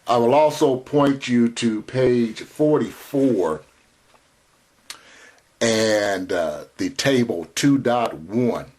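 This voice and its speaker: A man giving a recorded lecture in a slow, measured way, spelling out key terms. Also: on the low side, darkish tone, slightly rough.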